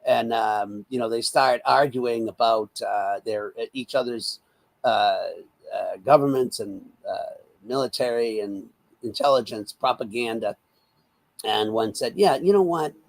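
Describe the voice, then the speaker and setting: An older man from the United States, a political commentator talking as an interview guest in an animated, rambling way with many restarts. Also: lowish voice, measured pace, vocal fry.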